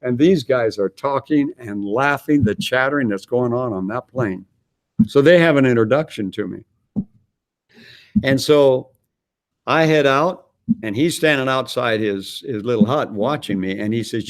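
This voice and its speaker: A man's voice: mid-range voice, unhurried. A man speaking at a conference, telling a story with acted-out dialogue and repeating himself for emphasis. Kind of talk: animated storytelling.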